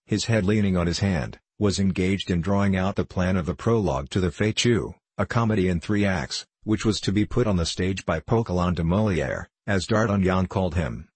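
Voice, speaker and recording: A man reads a classic novel aloud in a measured, even way. His voice is deep and husky. The recording is close and dry. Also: dry recording. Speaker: narrator. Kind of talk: audiobook narration.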